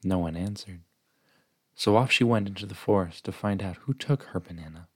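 A man reading a children's picture book aloud in gentle, even storybook narration. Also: low-pitched, normal speed, husky, dry recording, studio quality.

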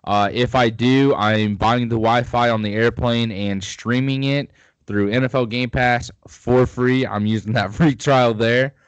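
A man's voice: medium pitch, steady tone, a little slow, clean tone, dry recording, highs cut off. A young man co-hosting a casual sports podcast, upbeat and joking. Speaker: podcast co-host.

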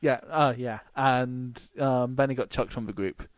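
A man's voice: mid-range voice, measured pace, no echo. A man from the UK co-hosting a podcast, telling rambling anecdotes in casual chat and swearing freely. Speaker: podcast co-host.

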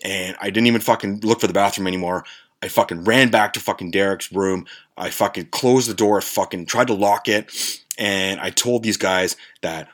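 A man's voice: fairly low pitch, normal speed, fairly bright tone. A man hosting a podcast, telling a story casually in a profane, rambling way with lots of restarts. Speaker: podcast host.

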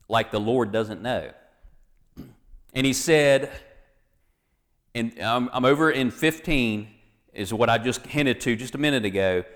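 A pastor preaches a sermon, reading scripture and adding folksy asides and jokes for the congregation. His voice is medium-pitched and measured, with frequent pauses, and the sound carries the echo of a big room.

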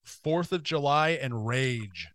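A man's voice: medium pitch, lively intonation, slow pace, fairly bright tone, dry recording. A man in his forties hosting a podcast, chatting loosely with a guest, swearing freely and laughing often. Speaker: podcast host. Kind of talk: casual chat.

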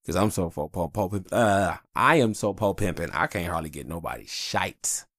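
A man's voice: low voice, expressive, normal speed, a bit bright, no echo, clean studio sound. A man hosting a solo podcast, talking casually in a rambling, profane, blunt way about his family and life. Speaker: podcast host.

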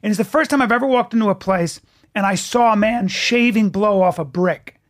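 A man hosting a casual podcast chat, telling a story with lots of energy, quick restarts and swearing. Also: high voice. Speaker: podcast host, stand-up comedian.

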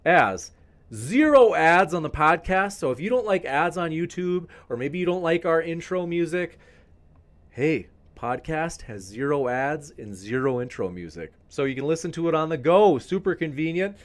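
Male live-stream host, enthusiastic and rambling, fairly high voice. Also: animated, normal speed. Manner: enthusiastic, rambling, addresses viewers as folks. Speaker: debate show host.

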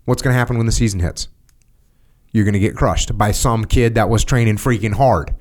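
A man's voice: on the low side, a little fast, darkish tone. A man hosting a podcast, talking casually and acting out short quoted exchanges to make his points. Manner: plain-spoken, acts out short quoted dialogues. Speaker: podcast host.

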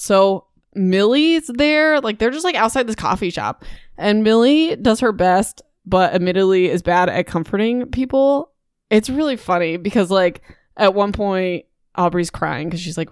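A woman's voice: lowish voice, smooth, dry recording, studio quality. Chatty woman recapping a book. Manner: chatty, animated, indignant asides. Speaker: podcast host.

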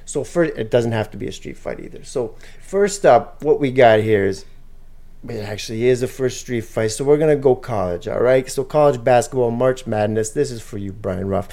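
A man's voice: mid-range voice, moderate pace, warm tone. A man hosting a casual sports podcast, telling loose joking stories and running the segments. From Canada. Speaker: podcast host.

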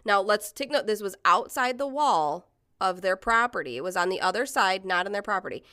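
A woman's voice: mid-range voice, expressive, fairly quick, pushed and bright. A young adult woman co-hosting a casual podcast, reading news articles aloud and breaking off into blunt, profane, indignant commentary. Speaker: podcast co-host.

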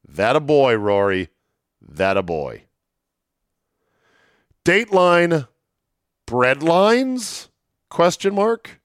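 A man hosting a talk show, telling stories in a chatty, wry way, his voice going hoarse. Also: on the high side, sing-song, extremely slow, pauses often, dry recording, clean studio sound. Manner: chatty, storytelling, wry asides. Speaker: sports radio host. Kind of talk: solo monologue, casual chat.

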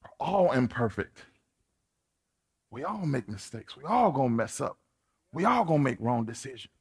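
A man preaching a sermon in an animated, colloquial, playful way. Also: mid-range voice, normal speed, slightly rough. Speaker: pastor.

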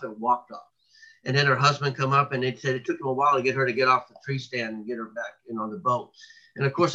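Rambling bright-voiced man, lo-fi sound. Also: mid-range voice. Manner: rambling storyteller with many restarts and fillers. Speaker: cryptid researcher guest. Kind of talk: casual interview talk.

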